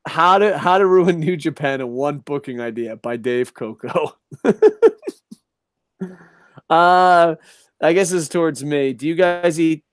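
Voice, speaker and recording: A young adult man hosting a casual chat show, ranting in an animated, profane way. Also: fairly high pitch, unhurried, smooth, dry recording, clean studio sound. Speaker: podcast host.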